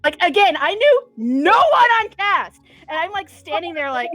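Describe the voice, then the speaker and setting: High-voiced woman telling rambling stories. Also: sing-song, moderate pace, a bit bright, dry recording, soft background music. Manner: rambling, tangent-prone storytelling. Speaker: podcast co-host. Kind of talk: casual chat.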